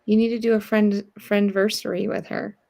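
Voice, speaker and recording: A woman's voice: mid-range voice, flat delivery, moderate pace, creaky, dark tone. A woman guesting on a casual livestream, talking in a rambling way with lots of fillers. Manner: talkative, rambling, many fillers like "like". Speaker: guest co-host.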